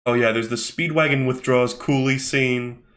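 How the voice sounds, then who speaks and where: A man's voice: medium pitch, fairly even intonation, normal speed, a bit bright. A young man hosting a casual commentary while skimming a manga, swearing often and rambling with lots of fillers. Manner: profane, rambling, with many fillers. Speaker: host.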